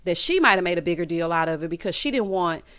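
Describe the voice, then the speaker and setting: In a lowish voice and at a quick pace, a woman recaps a reality TV episode with casual, sassy commentary, calling viewers honey and y'all. She's animated and quotes other people by doing their voices.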